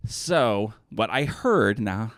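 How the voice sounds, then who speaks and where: A podcast co-host in a casual chat tells stories in a rambling way and often corrects himself. His voice is fairly low and fairly bright, with lively intonation and drawn-out words, recorded dry with clean studio sound.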